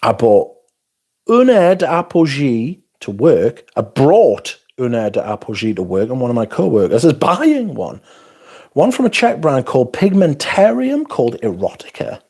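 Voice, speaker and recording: A man's husky, slightly mellow mid-range voice swings hugely in pitch as he takes his time hosting a casual fragrance livestream. Reading comments from viewers, he rambles self-deprecatingly and trails off partway through his thoughts.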